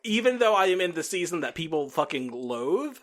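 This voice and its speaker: A man's voice: fairly high pitch, very animated, fairly quick, a bit bright. Swearing, laughing male podcast co-host. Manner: profane, laughing, acting out quoted people. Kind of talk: casual chat.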